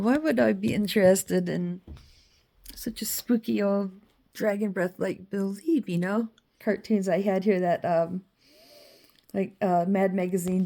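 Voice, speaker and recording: A woman's voice: medium pitch, gravelly, warm tone. A woman vlogging in a casual, meandering monologue full of ums and you-knows as she shows her drawings.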